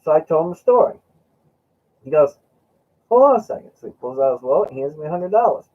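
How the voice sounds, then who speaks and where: Husky-voiced male host, lively pitch, lo-fi sound, chatty rambling storyteller. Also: fast talker. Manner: rambling, laughing, acts out friend's lines. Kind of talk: casual storytelling chat. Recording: dull lo-fi sound.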